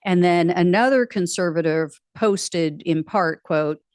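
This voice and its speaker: A woman hosts a political commentary show in an unhurried, conversational way, dropping wry and sarcastic asides as she reads out posts. Her voice sits on the lower side and is recorded dry and close, with no room sound. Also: darkish tone, clear, resonant tone, dry recording. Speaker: political news show host. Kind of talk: casual political commentary, reading out social media posts.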